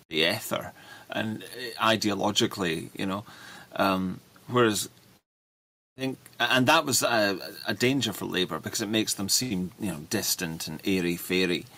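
A man with a deep voice edged with gravel talks as a guest. He stops and restarts his sentences often. He fills the gaps with fillers. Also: a bit bright. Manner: halting, many restarts and fillers. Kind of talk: livestream political discussion.

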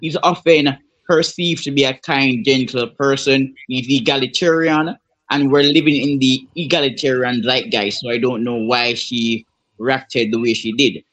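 A man on a panel, speaking in an earnest, measured way. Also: medium pitch, steady tone, a bit bright. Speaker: panel guest. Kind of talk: panel discussion.

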